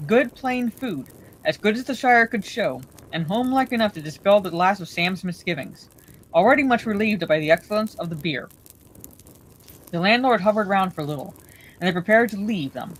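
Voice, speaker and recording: A woman reading a bedtime story aloud in a calm, steady way as the storyteller. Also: medium pitch, normal speed, poor audio.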